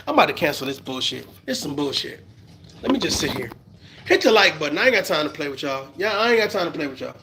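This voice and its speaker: His voice is slightly rough: a middle-aged Bronx native with a New York accent, ranting profanely on a live stream and shifting from low mutters to loud outbursts.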